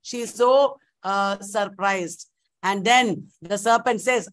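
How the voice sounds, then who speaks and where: A woman lecturer teaching an online literature class, retelling a story in an animated way and repeating key points. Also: mid-range voice, slow.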